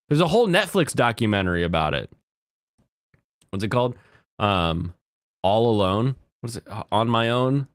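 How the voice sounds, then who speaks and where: A man's voice: fairly low pitch, smooth, dry recording, studio quality. A man in his thirties chatting casually as a streamer, rambling and giggly. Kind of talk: casual chat.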